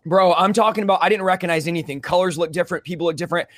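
A young man from California tells his story in a relaxed interview. He speaks fast, with a high voice and plenty of slang. The sound is dry and close to the mic. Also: no echo. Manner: fervent, rapid, casual slang like "bro" and "dude". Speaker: guest telling his testimony.

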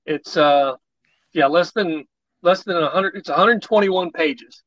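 A podcast guest with a high, bright male voice explains his methods for calm conversations. He slips into quoted back-and-forth lines as he goes. The sound is dry and a little muffled. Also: unhurried, no room sound. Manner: animated storyteller, acts out quoted exchanges. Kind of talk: conversational advice on persuasion.

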